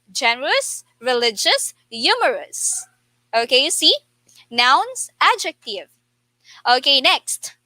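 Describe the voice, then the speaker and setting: A woman's voice: sits high, sharp tone, no echo. A woman with a Filipino accent teaching a spelling lesson online, talking in a repetitive way with many okays and slipping into Tagalog now and then. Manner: repeats herself, many okays; code-switches into Tagalog.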